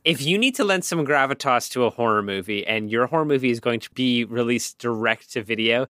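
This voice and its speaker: A man's voice: medium pitch, animated, a little fast, pushed and bright, clean tone, dry recording, studio quality. A man co-hosting a casual movie review podcast, making wry, sarcastic asides. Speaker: podcast co-host.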